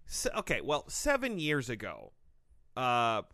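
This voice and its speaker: A man's voice: mid-range voice, wildly swooping pitch, a little slow, sharp tone, dry recording, clean studio sound, voice pushed down, exaggerated voice. A man doing a stiff, defensive league commissioner. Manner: formal and self-justifying.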